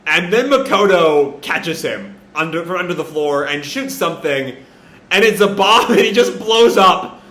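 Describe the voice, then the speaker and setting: Guy doing a casual manga reaction recap, rambly, swears a bit, bright voice in an echoey room. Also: a little high, moderate pace.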